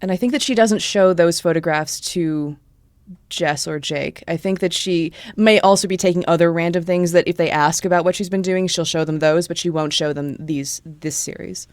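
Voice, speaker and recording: A woman player in a tabletop game muses eagerly about her character. Her voice is a little low. The sound is dry and close. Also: steady tone, moderate pace, no echo. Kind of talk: tabletop role-play.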